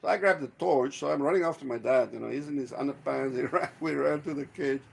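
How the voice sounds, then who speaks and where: A man hosting a casual livestream chat, swearing a lot and telling stories with animated energy. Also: medium pitch, fast talker, gravelly, slightly rough. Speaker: livestream host.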